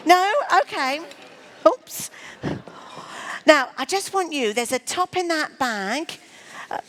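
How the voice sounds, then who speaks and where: A woman's voice: sits high, animated, measured pace, fairly bright tone. A woman doing comic magic patter on stage, teasing and flirting with a volunteer she keeps calling darling. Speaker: comedy magician.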